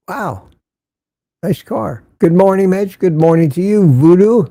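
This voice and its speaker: Older guy reading his live chat out loud, a bit high, dry close sound. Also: a little slow, no room sound. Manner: greets viewers by name, reads chat aloud. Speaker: livestream host. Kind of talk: casual morning livestream chat.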